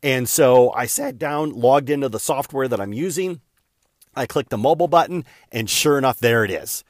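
A man's voice: mid-range voice, normal speed, no echo, clean studio sound. Candid rambling man telling a story. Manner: rambling, frequent fillers and "da, da, da" asides; candid, self-deprecating. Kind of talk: casual storytelling monologue.

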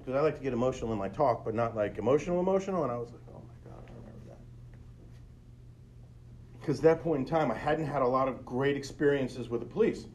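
A man's voice: medium pitch, very fast, hardly any pauses, darkish tone. A middle-aged man with a mid-range voice talks earnestly through a personal story, explaining things plainly to his listeners. A faint hiss of background noise sits under the recording. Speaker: podcast host.

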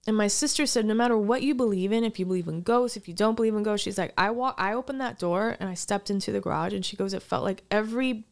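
A woman's voice: medium pitch, fast talker, hardly any pauses. A woman chatting casually on a podcast, telling a story with lots of "like" and acted-out quotes. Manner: animated storyteller, acts out quoted voices, frequent "like". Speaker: podcast co-host. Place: lives in Hollywood.

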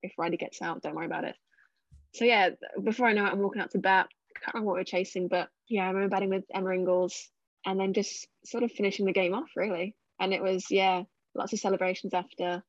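A woman's voice: medium pitch, fairly even intonation, fast talker, dry recording, highs cut off. A woman in her twenties from England, chatting casually as an interview guest, with plenty of fillers and a self-deprecating way of telling it. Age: 20s. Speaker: cricketer guest.

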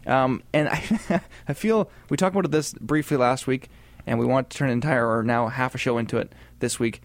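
A man co-hosting a casual gaming podcast, talking in a chatty, rambling way with animated asides. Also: medium pitch, moderate pace, no room sound. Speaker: podcast co-host.

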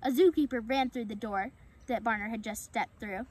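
A woman reading a children's animal story aloud in a steady storytelling way. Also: fairly high pitch, normal speed, low-quality recording. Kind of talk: storybook read-aloud narration.

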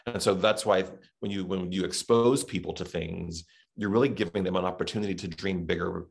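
A middle-aged man from Texas chats casually as a podcast guest, thinking out loud, rambling with many restarts and fillers, and circling back on what he's said. His very low voice has a gravelly rasp, and he speaks briskly with fairly even intonation in a reflective way.

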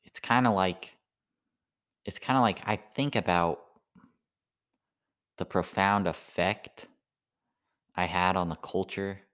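A sleepy man rambling through a halting stand-up style monologue full of "like" fillers. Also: low-pitched, a bit bright, clean tone.

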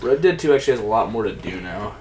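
A young man chatting casually on a podcast, telling animated stories, swearing and laughing often. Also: lowish voice, fast, recorded from a distance, a little hiss or hum. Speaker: podcast co-host. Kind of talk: casual chat.

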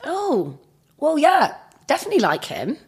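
A woman's voice: high-pitched, wildly swooping pitch, normal speed. A woman co-hosting a casual chat podcast, chatty and giggly, often breaking off mid-sentence. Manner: chatty, giggly, self-interrupting. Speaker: podcast co-host.

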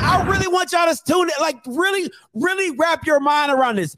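A man hosting opinionated sports commentary, blunt, joking and repetitive in an animated way. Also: very high-pitched, fairly quick, hardly any pauses, heavy background noise.

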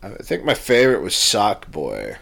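A man's voice: fairly low pitch, huge pitch swings, normal speed, gravelly, a bit bright. A man co-hosting a podcast in loose, profane casual chat, laughing often. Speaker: podcast co-host.

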